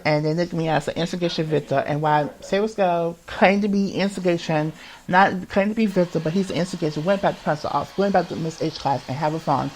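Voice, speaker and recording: A man hosting his own podcast, telling his story in a confessional monologue, rambling and halting with many restarts, heavy swearing and an agitated, emotional manner. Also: fairly high pitch, low-quality recording. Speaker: podcast host.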